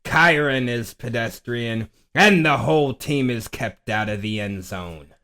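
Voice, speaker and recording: Hoarse man with dry jokes. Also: mid-range voice, measured pace. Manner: dry, blunt, deadpan jabs. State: sore throat, coughing. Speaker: podcast co-host. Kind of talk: casual sports podcast banter.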